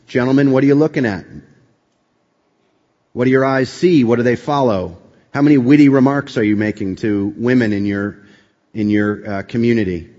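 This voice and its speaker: A man preaching a sermon as pastor, animated and firing rhetorical questions at the congregation. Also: medium pitch, in a large hall, muffled recording. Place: church sanctuary.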